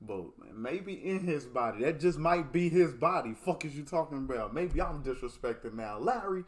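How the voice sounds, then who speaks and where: Lively, cussing young man reacting. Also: on the high side, moderate pace. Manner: profane, laughing, talks back to clips. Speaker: reaction video host. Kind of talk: casual reaction commentary.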